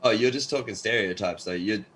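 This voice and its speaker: A man's voice: fairly low pitch, brisk, a bit bright, breathy edge, low-quality recording. A young Australian man chatting loosely on a podcast, full of "like" and "you know". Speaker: podcast guest, actor and athlete. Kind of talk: casual podcast chat.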